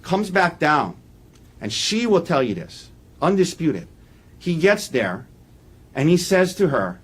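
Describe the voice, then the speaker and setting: A man giving a defense opening statement in a courtroom, walking the jury through events in an earnest, halting way with frequent restarts. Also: fairly high pitch, sing-song, husky. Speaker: defense attorney.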